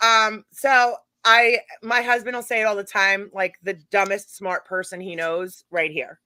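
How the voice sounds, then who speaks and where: A woman's voice: mid-range voice, measured pace, clear, resonant tone, dry recording. A woman who organizes paranormal events, telling a funny story in a casual chat and laughing as she goes. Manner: animated, laughs while telling stories.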